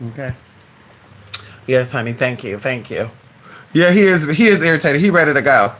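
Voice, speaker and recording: Lively chatty host saying "honey" often. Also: mid-range voice, moderate pace, pauses often. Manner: chatty, calls everyone "honey"; talks to their dog between remarks. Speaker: live-stream host. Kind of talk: casual chat with viewers.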